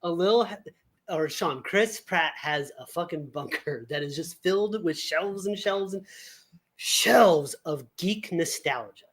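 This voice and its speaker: Excitable, bright-voiced man swearing freely. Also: on the high side, a little slow. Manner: laughs often. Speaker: podcast co-host. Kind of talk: casual chat.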